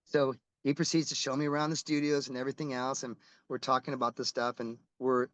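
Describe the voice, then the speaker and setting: Rambling middle-aged rock musician, dry sound. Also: male voice, mid-range voice, a little fast, no echo, rough recording. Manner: animated, rambling storyteller with many restarts and casual swearing. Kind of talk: casual interview storytelling.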